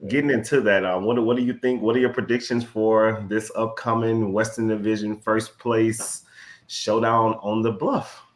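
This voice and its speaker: A man's voice: lowish voice, flat delivery. A man hosting a sports talk show, asking for predictions with a playful, teasing manner. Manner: playful, quick questions, teasing. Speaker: host.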